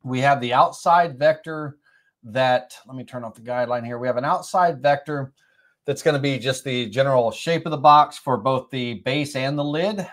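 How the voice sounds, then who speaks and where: A middle-aged man with a bit of a cold talks viewers through a woodworking design on a live stream. He rambles, stops and starts, and fills the gaps with ums and uhs. His voice sits at an ordinary middle pitch. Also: moderate pace. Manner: rambling, filler-heavy, self-correcting. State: has a cold, occasional coughs.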